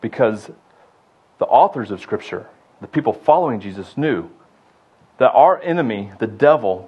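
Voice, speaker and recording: A young adult man preaching a sermon, building to loud rallying shouts and then dropping low and intimate. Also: expressive, normal speed, long pauses, breathy edge, highs cut off. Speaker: pastor.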